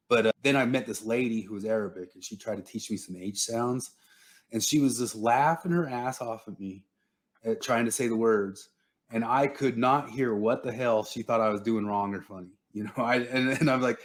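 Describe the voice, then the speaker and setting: A man's voice: on the low side, steady tone, a little fast. A man telling loose stories in a casual podcast chat, laughing often. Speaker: podcast panelist.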